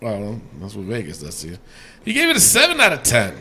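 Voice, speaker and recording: A man co-hosting a casual podcast, reading listener ratings aloud in a loose, profane way that swings from mumbling to yelling. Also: lowish voice, huge pitch swings, brisk, a crowd in the background.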